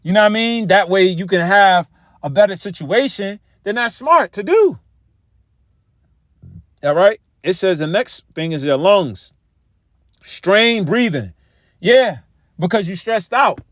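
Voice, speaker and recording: A man's voice: sits high, expressive, measured pace, pauses often, a bit bright, dry recording, clean studio sound. A man preaching in a loose, conversational way, full of cursing and repeated words. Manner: profane, repetitive, conversational. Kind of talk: street-style Bible teaching.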